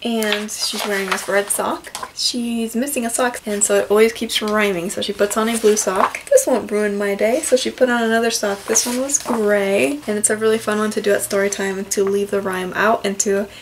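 A woman's voice: medium pitch, fairly even intonation, normal speed, few pauses, background noise. A young woman, a librarian, casually reviewing picture books and reading bits aloud in a playful storytime voice.

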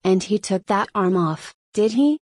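A woman voicing a gruff old one-legged sea captain who calls out bluntly, in a plain read-aloud storybook manner. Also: mid-range voice, expressive, measured pace, dry recording, clean studio sound. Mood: eager.

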